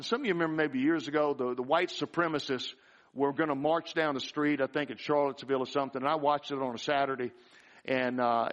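A middle-aged male pastor preaching a sermon with excitement, often repeating and restarting his words. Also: mid-range voice. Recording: dull lo-fi sound.

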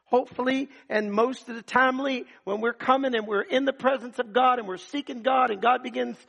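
A man preaching a sermon, telling testimony stories, swinging from loud emphatic passages to hushed ones. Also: very high voice, steady tone, a little fast, creaky.

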